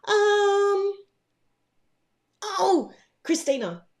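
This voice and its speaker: A woman's voice: very high voice, a little mellow. A woman hosting a casual livestream from home, chatting in a rambling, bubbly way with lots of fillers. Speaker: livestream host, planner business owner.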